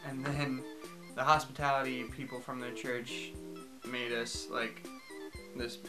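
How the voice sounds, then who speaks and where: A man's voice: medium pitch, level tone, a little slow, low-quality recording. Chatty young man over background music. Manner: chatty, laughs between sentences. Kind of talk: casual vlog recap. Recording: music playing underneath.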